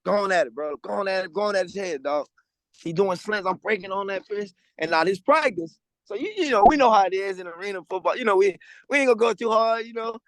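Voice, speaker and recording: Guy in his 30s telling his story on a call, slangy, pretty high voice, dry sound. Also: fairly quick, no room sound, poor audio. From Louisiana. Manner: animated storyteller, acting out quoted people in a higher voice; slangy and casual. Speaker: guest. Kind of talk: storytelling interview. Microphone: remote call over a weak connection.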